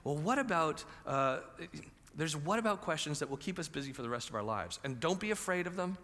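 A man's voice: on the high side, expressive, a little fast, bright, forceful tone. A man preaching a conversational sermon and asking the audience questions. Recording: reverberant large hall.

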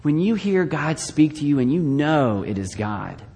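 A male pastor giving a conversational sermon with joking asides, swinging between loud bursts and quiet, hushed lines. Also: on the high side, sing-song, a little slow. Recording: long reverb of a large hall.

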